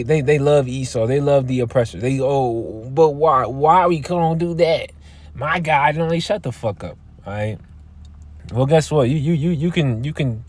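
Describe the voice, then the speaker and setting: A man giving informal scripture teaching in a blunt, halting way. He repeats words and keeps asking "all right?". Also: mid-range voice, warm tone, no room sound. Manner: blunt, profane. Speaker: religious teacher.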